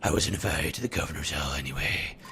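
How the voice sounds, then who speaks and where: A man doing a gravelly, whispery giant growl. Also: very deep voice, fast, bright, forceful tone, slight background noise, voice pushed down, full character voice. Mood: brooding. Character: gruff male horned giant in a Batman growl.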